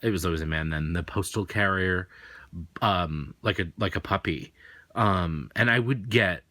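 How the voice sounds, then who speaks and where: This low-voiced man, a tarot reader and host with a slight New England accent, speaks at a normal pace in a sharp tone over a dry recording. He wanders chattily through an unboxing, poking fun at himself as he goes.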